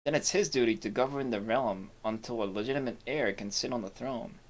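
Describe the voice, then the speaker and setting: A gruff, weary sheriff of a fantasy city, read aloud by a man playing the game. He plods through his lines stiffly, tripping over words now and then. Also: medium pitch, brisk, close to an everyday voice.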